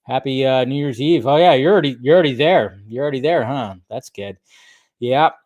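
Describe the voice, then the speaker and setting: A young man with a medium-pitched, brisk voice and a darkish tone hosts a casual live stream, chatting and greeting viewers by name. He gives a slight throaty cough now and then. The recording is dry, captured on a desk microphone.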